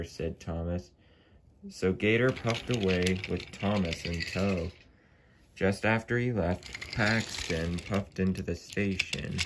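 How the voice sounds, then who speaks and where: A man narrating a home-made toy train story in a plain, unhurried way. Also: low voice, steady tone.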